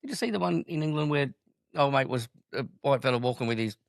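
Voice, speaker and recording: A man's voice: medium pitch, lively intonation, quick pace, creaky, no room sound, clean studio sound. A man co-hosting a podcast in casual chat, blunt and sweary, swapping stories and teasing his mate. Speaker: podcast co-host.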